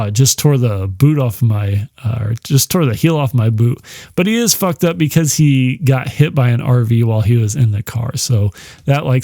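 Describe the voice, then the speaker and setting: A podcast host retells a novel's plot in a casual, rambling way, swearing freely and laughing often. His voice is mid-range and a little mellow. The recording is dry with clean studio sound.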